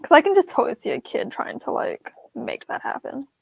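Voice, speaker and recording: Giggly young woman with a gravelly edge. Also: sits high, wildly swooping pitch, a little fast, no room sound. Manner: giggly, reads passages aloud with voices. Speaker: book club co-host. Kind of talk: casual book discussion on a livestream.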